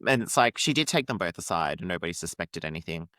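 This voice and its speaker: A man's voice: sits low, animated, fast, bright, forceful tone, dry recording, clean studio sound. An Australian man co-hosting a casual recap chat, chatty and hedging, laughing along. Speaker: podcast co-host.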